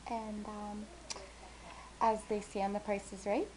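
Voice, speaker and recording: A woman's voice: medium pitch, flat delivery, unhurried, rough recording. A chatty young woman rambles through a casual home vlog, talking in a mid-range voice with lots of fillers. She mumbles in spots and stays self-deprecating. A faint hiss sits under the recording. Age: young adult. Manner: chatty, self-deprecating, quotes friends in bright squealy voices. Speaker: vlogger.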